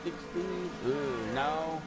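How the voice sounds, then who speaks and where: A man's voice: on the high side, extremely slow. Laid-back man calling a sim race. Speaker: race commentator. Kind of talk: casual sim-racing commentary. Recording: music playing loudly behind.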